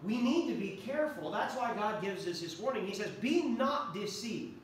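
A man preaches a sermon in a church sanctuary, his voice pitched high for a man. He talks earnestly and repeats key phrases for emphasis. The sound carries a heavy echo, picked up from a distance with a faint hiss underneath. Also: lively intonation, moderate pace. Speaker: pastor. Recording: echoey church hall from far off.

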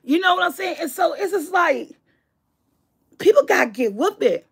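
A woman's voice: extremely high pitch, big pitch swings, normal speed, creaky. A woman talking earnestly and emotionally to camera from home, often repeating herself as she makes her point. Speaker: vlogger. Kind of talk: casual heartfelt talk to camera. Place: at home on a couch.

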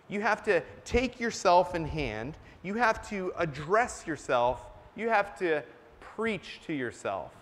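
A man's voice: on the high side, a bit bright. A man preaching a sermon in a church, earnest and emphatic, stopping to cough now and then. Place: church sanctuary. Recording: long church reverb.

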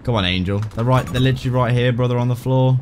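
A man's voice: mid-range voice, quick pace, background noise. A man giving casual, frustrated gameplay commentary, grumbling and swearing as he plays. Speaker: gaming video creator. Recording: loud game gunfire underneath. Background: game gunfire and vehicles.

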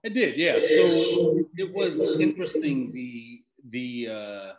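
A middle-aged man, a guest in an interview, speaking haltingly with frequent restarts and pauses. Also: on the high side, a loud crowd. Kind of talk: conversational interview. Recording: echoey room.

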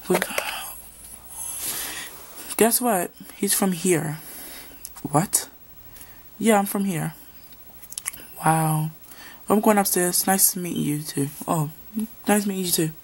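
A woman's voice: fairly low pitch, vocal fry, slight background noise. A woman performing a homemade drama, voicing several young men in casual, slangy back-and-forth dialogue. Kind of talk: homemade voiced drama, one performer doing all roles.

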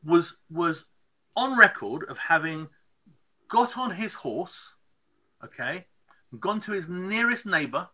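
Man, middle-aged, very bright voice, slightly high pitch, animated storyteller, frequent "okay?" asides. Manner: expressive, lots of "okay?" and "right?" asides. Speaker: interview guest, filmmaker.

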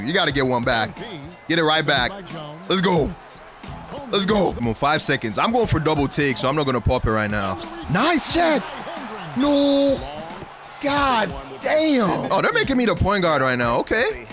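A young gaming YouTuber with a slightly high voice provides hyped commentary on his own basketball video game play. He laughs at the plays as game music runs in the background.

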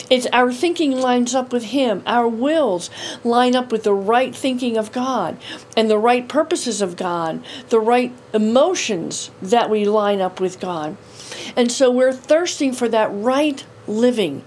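A woman's voice: on the high side, darkish tone, a little hiss or hum, rough recording. A middle-aged woman giving an earnest, emphatic devotional teaching, repeating key phrases for weight. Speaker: Christian teacher.

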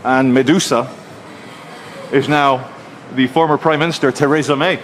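A man filming himself outdoors on a city street, talking in a calm, sardonic, unbothered way as he gives casual commentary to the camera. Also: medium pitch, moderate pace, a little hiss or hum. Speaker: vlogger filming in public.

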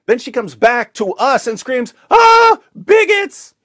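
A man's voice: very high-pitched, normal speed, no echo, clean studio sound. Mocking, sarcastic male commentator. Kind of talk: polemical commentary.

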